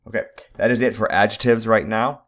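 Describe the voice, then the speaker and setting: Very low-voiced man teaching grammar. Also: fairly even intonation, a little fast, a bit bright. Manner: casual, talks to students directly, jokes at own typos. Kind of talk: recorded grammar lesson over slides.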